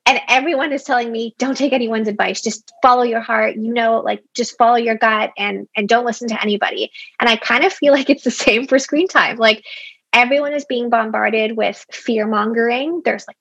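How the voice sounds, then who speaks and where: A young woman speaks as a company founder in a relaxed interview, candid and chatty, dropping "like" all through. Her fairly high voice carries a gravelly fry. The sound is close and dry. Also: no room sound, dull audio. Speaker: app company founder as guest. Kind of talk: casual interview conversation.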